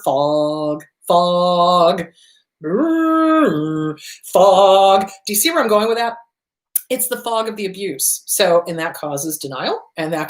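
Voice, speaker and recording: A woman therapist hosting an advice talk, blunt and profane, hammering points home with emphatic repetition. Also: medium pitch. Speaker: therapist and show host. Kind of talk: direct-to-camera advice talk.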